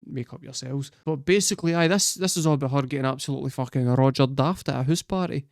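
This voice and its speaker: A man's voice: medium pitch, quick pace, dry recording, studio quality. A Scottish man hosting a music reaction, joking crudely and swearing as he comments. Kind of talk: casual commentary.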